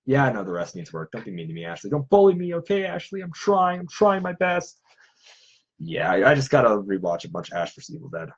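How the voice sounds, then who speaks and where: A husky male cosplayer rambles in a casual, self-deprecating way, his pitch swinging up and down a lot. The sound is dull and lo-fi. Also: big pitch swings, quick pace. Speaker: cosplayer and prop maker. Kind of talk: casual chat.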